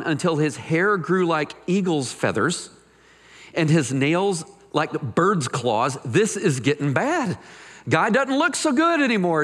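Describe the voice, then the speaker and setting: Male pastor, sermon, lively expressive delivery, echoing sanctuary. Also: mid-range voice. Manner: animated, conversational preaching with jokes and asides.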